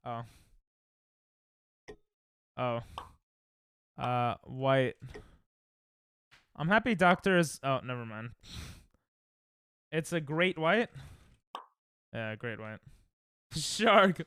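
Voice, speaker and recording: Lively, excitable male streamer. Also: a little high, takes it slowly, long pauses, clear, resonant tone, no echo, clean studio sound. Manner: excitable, reactive, thinks aloud. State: tired. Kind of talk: casual live-stream chat while playing games.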